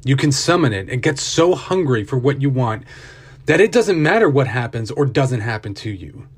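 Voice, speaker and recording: A man's voice: mid-range voice, sing-song, normal speed, slightly rough. A man narrating a motivational story earnestly, with building intensity.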